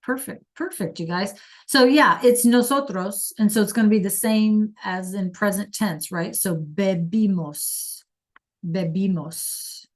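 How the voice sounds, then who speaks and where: A woman's voice: mid-range voice, normal speed. A woman teaching a Spanish class over a video call, praising students by name and encouraging them.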